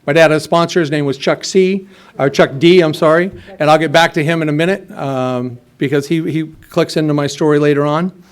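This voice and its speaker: A middle-aged man with a slightly higher voice, telling his own recovery story at a meeting. He rambles, stacking fillers and restarts as he goes. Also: steady tone, a little fast, smooth. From United States. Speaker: AA meeting speaker.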